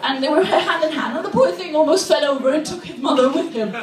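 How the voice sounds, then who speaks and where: A woman's voice: sits high, lively intonation, fast, reverberant, recorded from a distance. A woman from Malta performing a chatty stand-up comedy set, laughing through her lines. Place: comedy venue on stage. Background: audience.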